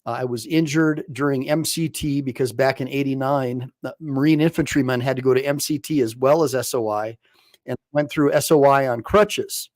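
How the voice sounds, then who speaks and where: Rambling American lawyer hosting a livestream. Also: male voice, medium pitch. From United States. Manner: rambling, with frequent restarts. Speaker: attorney and livestream host. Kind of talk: casual livestream talk.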